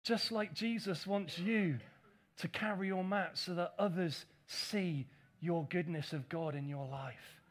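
A man delivers a sermon with a notably high-pitched voice. He preaches with animation, often dropping into playful voices to mimic his critics. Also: unhurried. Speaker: pastor.

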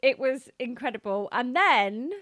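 A woman's voice: a little high, expressive, unhurried, fairly bright tone, no echo, clean studio sound. A woman co-hosting a podcast in casual chat, gushing and emotional, with lots of fillers. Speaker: podcast co-host.

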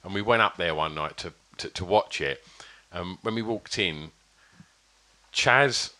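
A man's voice: sits low, measured pace, bright, forceful tone. A man telling a rambling anecdote in casual podcast chat, full of fillers and restarts. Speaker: podcast guest.

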